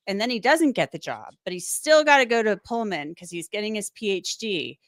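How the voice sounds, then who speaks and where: Brief: chatty female crime podcast host, mid pitch, dry close sound. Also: big pitch swings, fairly quick, few pauses, no echo. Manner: chatty, rambling, acts out quotes. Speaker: true crime show host. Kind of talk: casual podcast discussion.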